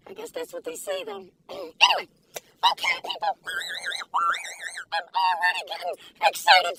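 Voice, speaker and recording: A woman taste-testing food in a casual vlog, talking in an excitable, giggly, gushing way. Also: very high-pitched, vocal fry. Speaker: food reviewer. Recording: distant mic with faint background noise.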